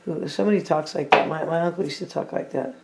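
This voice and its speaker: A tarot reader talking casually to viewers while laying out cards, thinking out loud and often saying what they feel, with playful teasing asides. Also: medium pitch, fairly even intonation, fast, vocal fry. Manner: chatty, thinking aloud, repeats and hedges with "I feel like".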